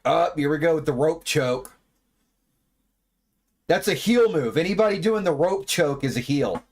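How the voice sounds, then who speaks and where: Chatty man with a lively voice. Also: a little high, a little slow. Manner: chatty, wry, swears casually. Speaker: watch party host. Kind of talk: casual live commentary on a wrestling broadcast.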